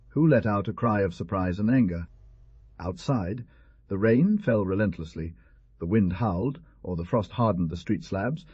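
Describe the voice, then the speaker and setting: A man narrating a storybook audiobook in a measured, even reading. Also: fairly low pitch, slightly rough, no echo. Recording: dull, dry lo-fi recording.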